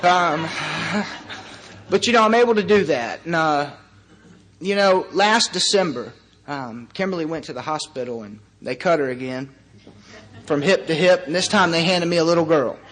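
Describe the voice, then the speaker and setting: A man in his thirties tells his personal recovery story to a meeting, his voice sitting a little high for a man. He talks in an earnest, halting way, pausing often between phrases. Now and then he slips in a wry joke at his own expense. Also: animated, fairly bright tone. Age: 30s. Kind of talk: personal recovery story shared before a group. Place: meeting room before a live audience.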